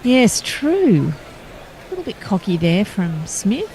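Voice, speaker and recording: A woman with an Australian accent doing brisk ball-by-ball cricket commentary. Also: a little hiss or hum. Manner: brisk play-by-play calls with lively pitch swings.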